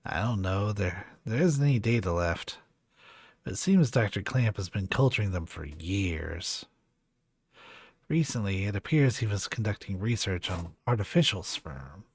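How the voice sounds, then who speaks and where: Man reading a calm researcher, measured, explanatory, low voice, slow. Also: breathy edge, no room sound, clean studio sound, full character voice. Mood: explaining.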